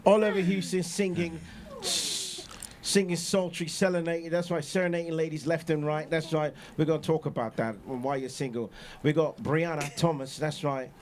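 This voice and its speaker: A man hosting a talk show, playful and loud, with a catchphrase he repeats again and again. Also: fairly high pitch, moderate pace, slight background noise. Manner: shouty, playful, repeats "that's right". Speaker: host. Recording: lively crowd chatter behind.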